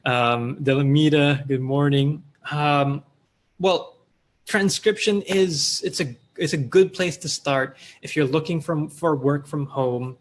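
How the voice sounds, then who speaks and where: A man's voice: a little high, slow pace. Chatty man answering live questions. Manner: conversational, many fillers and restarts, thinks aloud; reads viewer questions aloud and draws on a board while talking. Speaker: livestream host answering viewer questions. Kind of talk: casual live Q&A explaining transcription work.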